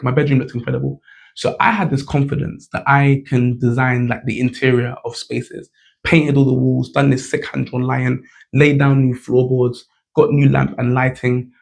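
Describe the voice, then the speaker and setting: A man's voice: medium pitch, gravelly, a little mellow. A man, telling a personal story to camera in a casual, chatty way, full of "like" and "you know". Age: 20s. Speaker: vlogger.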